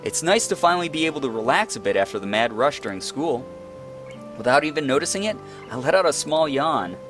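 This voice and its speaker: A man's voice: mid-range voice, animated, fairly quick, a bit bright. A young man reading a visual novel aloud and adding playful, joking commentary, over faint guitar music. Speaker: let's play host.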